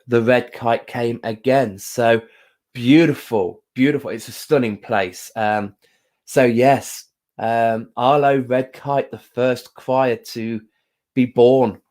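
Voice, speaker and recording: A man hosting a casual live stream, talking gently with many pauses and fillers and greeting viewers by name. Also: mid-range voice. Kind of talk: casual live-stream chat with card reading.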